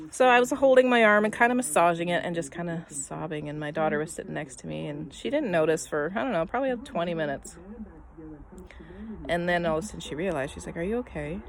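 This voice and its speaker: A middle-aged woman telling a personal story in a casual, rambling way, full of "um" and "I mean", often trailing off softly at the end of her thoughts. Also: on the low side. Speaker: vlogger.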